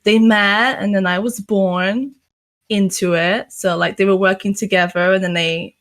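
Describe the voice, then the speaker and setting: A young woman with a bright, crisp voice chats candidly as an interview guest. She talks freely, laughs often and swears without a second thought. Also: medium pitch, steady tone, unhurried. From England. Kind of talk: casual chat.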